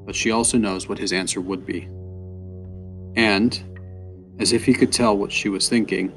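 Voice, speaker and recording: A man narrating a fantasy story in a measured, unhurried way. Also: lowish voice. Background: soft guitar music.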